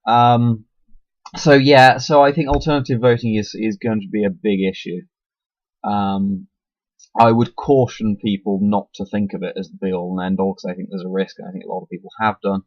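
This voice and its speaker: A man's voice: lowish voice, level tone, moderate pace, dry recording. A young man talking casually into his webcam, rambling and self-deprecating, with lots of restarts and the hiccups. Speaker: YouTuber. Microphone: webcam mic. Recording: dull lo-fi webcam audio, dry.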